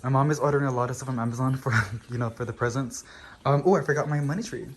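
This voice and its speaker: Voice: medium pitch, very fast. A houseplant channel host giving a casual tour of their living room plants, gushing with frequent exclamations, filmed at home on a handheld camera.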